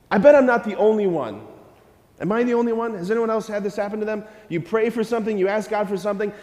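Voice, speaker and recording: A man, a Catholic priest, preaching a lively homily, animated and questioning the congregation. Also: high voice. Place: church. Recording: long church reverb.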